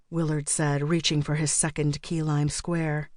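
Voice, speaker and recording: Woman audiobook narrator, low voice, dry studio sound, measured, even storytelling. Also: no echo. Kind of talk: scripted narration.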